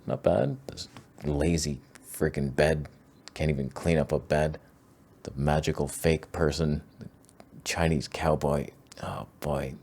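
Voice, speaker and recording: A man's voice: rumbling low, fairly even intonation, unhurried, vocal fry, darkish tone, husky. A man hosting a comedic photo critique, ranting sarcastically and hurling insults with exasperation. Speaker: photography video host.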